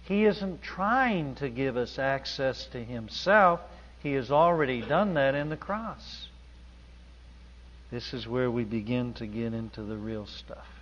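A man preaching a sermon in an emphatic, deliberate manner in a large church hall. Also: mid-range voice, a bit bright, a little hiss or hum. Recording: dull audio with long hall reverb.

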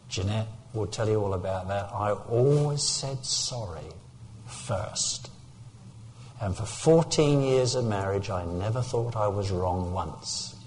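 A man's voice: on the low side, slight background noise. An older man from England preaching a sermon, telling personal stories and rising to fervent peaks.

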